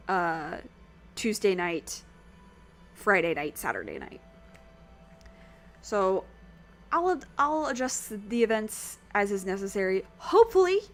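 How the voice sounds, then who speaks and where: A woman streams a game and rambles casually to her viewers, letting a swear slip now and then. Her throat sounds rough and worn, and her mid-range voice is a bit bright.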